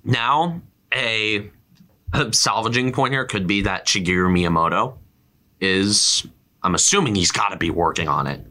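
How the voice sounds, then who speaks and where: Male podcast host, very low voice with a bright edge, loose and animated. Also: a little slow. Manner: rambling, animated, lots of fillers. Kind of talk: casual chat about movies and games.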